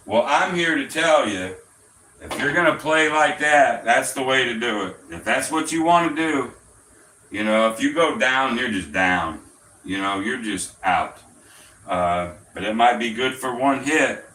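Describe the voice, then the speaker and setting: A man's voice: mid-range voice, sharp tone, slight background noise. A man hosting a gambling show, explaining roulette betting in a blunt, profane, chatty way. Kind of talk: casual instructional talk. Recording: roomy, distant mic, faint ambience.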